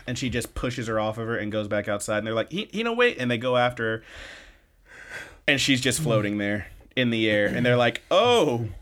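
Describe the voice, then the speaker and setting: Casual man recapping with quick quoted bits. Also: mid-range voice, fairly bright tone. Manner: loose, chatty retelling with quick snippets of quoted dialogue. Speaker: podcast co-host.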